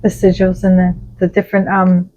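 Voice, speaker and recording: A woman's voice: fairly low pitch, completely flat delivery, a little fast, warm tone, slight background noise, low-quality recording. A woman hosting a podcast who asks questions and encourages her guest with short affirmations and laughs. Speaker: podcast host. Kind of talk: casual interview chat.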